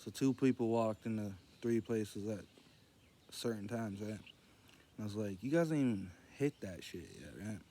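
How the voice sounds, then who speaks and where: A man telling rambling jokes in casual storytelling, meandering and loose as he quotes others in a low murmur. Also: animated, a little slow, dark tone.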